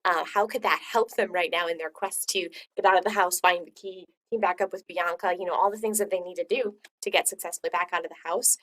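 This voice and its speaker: A woman's voice: fairly low pitch, fairly even intonation, fairly quick, few pauses. A woman hosting a choose-your-own-adventure story, reading it aloud and chatting with her listeners. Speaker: storyteller and host.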